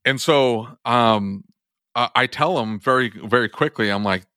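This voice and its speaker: A man who owns an auto repair shop, telling a story on a podcast in a casual, animated way and acting out both sides of his phone calls. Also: medium pitch, a little slow, no room sound, studio quality.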